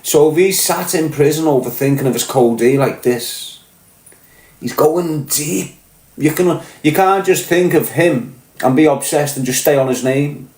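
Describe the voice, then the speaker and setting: A podcast host with a Scouse accent delivers a blunt, sweary casual monologue, often asking whether the listener gets what he's saying. His voice is fairly high and darkish in tone, his pace measured, and the room is echoey.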